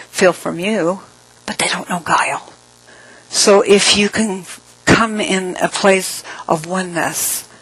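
Middle-aged woman, motivational speaker, somewhat low voice, slow emphatic delivery, playful asides. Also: a bit bright, low-quality recording. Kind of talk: inspirational talk with storytelling.

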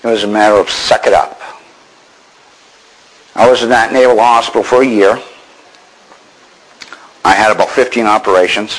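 A man's voice: on the low side, fairly even intonation, normal speed, pauses often, a bit bright, poor audio. An older man from Maine telling his own war story with dry, wry understatement. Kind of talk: personal storytelling.

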